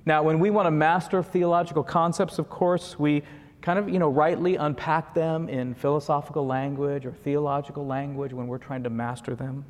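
A man's voice: fairly high pitch, steady tone, normal speed. Man preaching in an echoing hall. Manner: conversational, with frequent asides and chuckles. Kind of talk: sermon. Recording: long reverb of a large hall.

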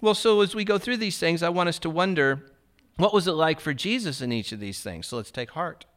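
Pastor guy giving a sermon, kinda high bright voice, chatty and thoughtful, lots of questions to the crowd. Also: lively intonation, a little fast. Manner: reflective, conversational preaching with rhetorical questions.

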